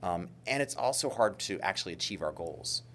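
A man's voice: low voice, expressive, a little fast, a bit bright. A man explaining ideas in a casual discussion, thoughtful and hedging, with frequent fillers and restarts.

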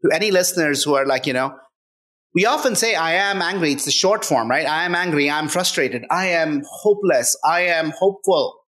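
A man's voice: on the high side, lively intonation, fairly quick, a bit bright. A man speaking as a guest author in a conversational interview, earnest and emphatic, often checking in with "right?".

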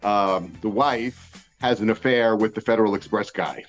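An older man from Long Island, a guest telling joking stories in a radio interview with crisp, articulate speech. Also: lowish voice, soft background music. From New York, Long Island. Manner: rapid-fire, articulate, joking storyteller.

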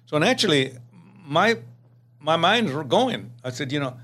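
A man in his eighties, a podcast guest telling stories in a lively way, laughing often and acting out the dialogue. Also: on the high side, measured pace, slight background noise. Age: 80s. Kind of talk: anecdotal storytelling.

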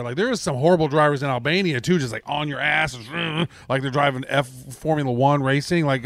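A man's voice: fairly high pitch, brisk, hardly any pauses, a bit bright, dry recording. A man co-hosting a podcast who rambles in a loose, casual way. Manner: rambling, loose talk with fillers and mild swearing. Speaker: podcast co-host. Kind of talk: casual chat.

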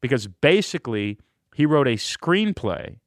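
An energetic man hosts a podcast, spinning anecdotes with lively enthusiasm and sudden bursts of speed. His voice sits at an ordinary middle pitch. The studio sound is close and dry, with no room around it. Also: no room sound. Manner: energetic, storytelling, quick bursts. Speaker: podcast host. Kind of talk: enthusiastic interview podcast talk.

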